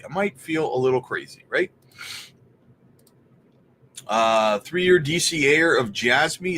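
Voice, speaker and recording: A man's voice: medium pitch, a little hiss or hum. A man hosting a casual livestream, chatting loosely and greeting viewers by name as he goes. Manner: relaxed, laughs between remarks. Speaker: crypto livestream host.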